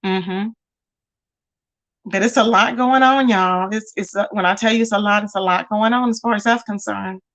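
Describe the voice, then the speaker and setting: A woman's voice: medium pitch, fairly even intonation, moderate pace, a bit bright. A woman casually chatting on a livestream, reading out viewer comments and calling her audience y'all and baby.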